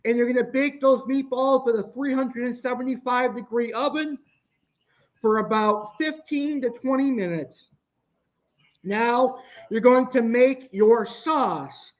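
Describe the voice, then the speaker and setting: A young male cooking instructor with a very high-pitched voice walks through recipe steps plainly at a measured pace, restarting now and then, on dull lo-fi audio.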